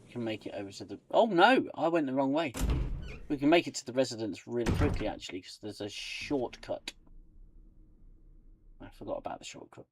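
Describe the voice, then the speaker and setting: A man's voice: mid-range voice, animated, a little fast, pauses often, slight background noise. A man giving casual, muttering commentary while he plays a video game, tossing in playful sing-song asides. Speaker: gaming channel host. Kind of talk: casual let's-play commentary.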